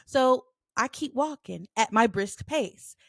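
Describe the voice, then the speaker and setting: A woman in her thirties hosting a casual solo podcast, telling stories in an animated, blunt way with plenty of swearing. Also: fairly high pitch, takes it slowly, gravelly, dry recording, studio quality. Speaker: podcast host.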